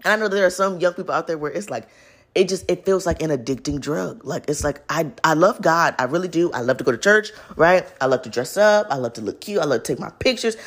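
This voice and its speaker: A woman's voice: low-pitched, slightly rough. A woman in her twenties speaking to viewers in a casual, earnest faith talk, often addressing them as y'all. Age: 20s. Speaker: vlogger.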